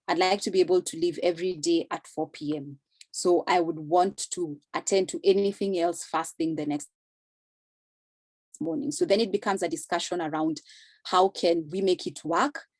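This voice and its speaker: A woman's voice: lowish voice, a little mellow, dry recording. A woman speaking earnestly on a video call, explaining career advice in a conversational way and acting out short example phrases.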